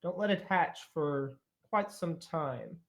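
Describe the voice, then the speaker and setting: A man doing a calm, lordly old dragon. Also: fairly high pitch, slow, creaky, heavily acted. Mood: calm, commanding. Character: ancient hoarding male dragon, calm and lordly.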